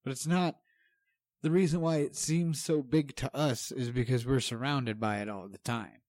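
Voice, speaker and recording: A man's voice: mid-range voice, steady tone, moderate pace, darkish tone, no echo. A man co-hosting a casual podcast, ranting heatedly and swearing, rambling from point to point. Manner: heated, profane, rambling rants. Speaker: podcast co-host.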